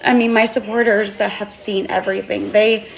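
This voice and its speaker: A woman vlogging an impassioned, tearful monologue as an author, pleading earnestly and sometimes swearing, with halting restarts. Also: mid-range voice, flat delivery, vocal fry. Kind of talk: emotional vlog monologue.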